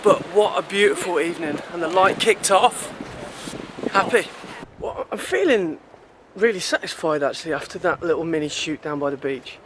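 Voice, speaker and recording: A man's voice: fairly high pitch, normal speed, noisy background. A man in his thirties, a photographer talking to camera in a casual, upbeat and rambling way, outdoors by the sea. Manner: chatty, upbeat, rambling with restarts. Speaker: photographer vlogger. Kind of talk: casual vlog talk to camera. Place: outdoors by the sea, then in town.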